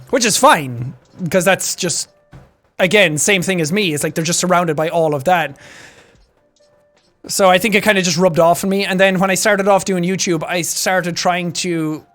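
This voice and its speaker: Irish guy streaming, high voice, chatty and laughing a lot, faint music under. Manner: animated, chatty, laughs often, slips into character voices. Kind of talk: casual stream chat.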